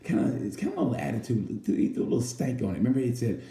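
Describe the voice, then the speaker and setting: A man's voice: mid-range voice, huge pitch swings, very fast, warm tone. A man in casual chat about a motorcycle race, rambling and jokey, sometimes slipping into playful impressions. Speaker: racing commentator. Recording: roomy with faint background noise.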